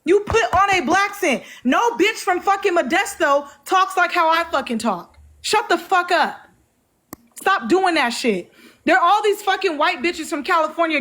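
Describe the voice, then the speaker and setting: A woman's voice: very high-pitched, expressive, normal speed, a bit bright. A woman hosting a live stream, angrily confronting someone with heavy swearing. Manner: angry, confrontational, heavy profanity. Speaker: livestream host. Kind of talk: heated live-stream argument.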